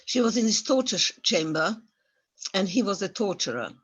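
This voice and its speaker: An elderly woman from the former Yugoslavia, with a husky voice, gives a personal testimony. She tells the story vividly and emotionally. She reaches for words in her non-native English and sounds stirred up by what she remembers. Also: mid-range voice, big pitch swings, normal speed. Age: 80s. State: stirred up by memories. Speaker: Holocaust survivor guest speaker. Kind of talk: personal testimony at an online talk.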